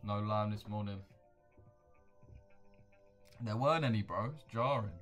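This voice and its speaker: A man's voice: on the low side, unhurried, fairly bright tone, faint music behind. A man giving casual, slangy commentary while trading live, talking straight to his viewers. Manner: slangy, chatty, addresses viewers directly. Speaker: livestream trader.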